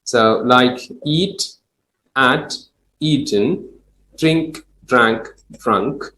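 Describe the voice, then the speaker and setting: A man teaching English grammar in a classroom, slow and patient as he works through example after example. His voice sits at an ordinary middle pitch. The room gives it a noticeable echo. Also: bright, forceful tone. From Sri Lanka. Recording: echoey room.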